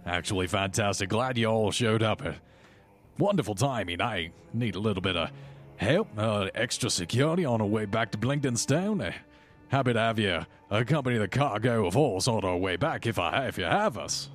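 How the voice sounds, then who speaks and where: A man puts on a deep gnome miner, male and sociable, rambling in a broad Australian accent. He talks in a low, hearty voice with a homely, folksy warmth of words. He greets strangers like long-lost friends at a tabletop game. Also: lively intonation, normal speed, soft background music, close to an everyday voice. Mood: eager.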